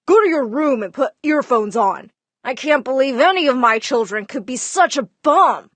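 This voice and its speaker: A woman's voice: fairly high pitch, measured pace, no room sound, natural voice. A woman voicing a stern scolding dad. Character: strict angry middle-aged dad.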